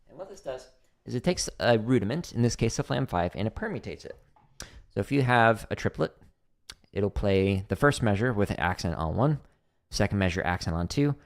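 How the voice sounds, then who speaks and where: A man's voice: lowish voice, vocal fry. A middle-aged man hosting a drum practice livestream, chatty and explaining exercises step by step with casual fillers.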